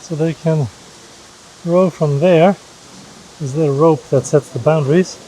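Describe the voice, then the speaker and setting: A man narrates a travel vlog in a relaxed, explanatory way, pointing out the sights as he goes. His voice sits a little high yet sounds warm and mellow. It is recorded on a camera he holds up while walking outdoors, with a faint wash of ambience behind him. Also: unhurried, slight background noise, low-quality recording. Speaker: travel vlogger. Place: outdoors in a river gorge. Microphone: handheld camera held aloft.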